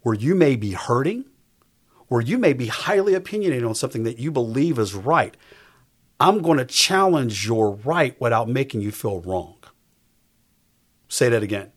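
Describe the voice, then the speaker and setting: A man's voice: medium pitch, expressive, normal speed, slightly rough. A man in his fifties, a guest in a faith-based conversation, who talks emphatically in a preacherly rhythm and repeats his key lines. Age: 50s. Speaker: guest on a faith talk show.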